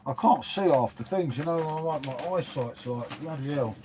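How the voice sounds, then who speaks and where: A man's voice: a little high, moderate pace, dark tone, a little hiss or hum. Chatty man on a livestream. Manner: chatty, rambling, says "mate" a lot, reads and answers viewers. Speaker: livestream host. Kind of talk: casual live-stream chat. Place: dim room at home.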